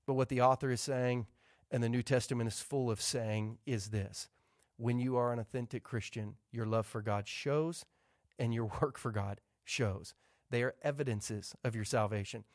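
A man's voice: medium pitch, fairly even intonation, moderate pace, no echo, clean studio sound. A male pastor preaching a sermon, hammering his points home with emphatic repetition.

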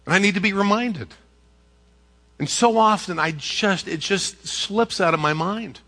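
A man's voice: high voice, unhurried, bright, forceful tone. A man preaching a sermon in an earnest, personal way with light joking. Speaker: pastor.

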